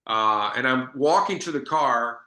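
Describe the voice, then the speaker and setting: A man's voice: mid-range voice, animated, a little slow, bright, forceful tone, reverberant. A man giving a business sales training talk, telling stories in a conversational way with frequent restarts.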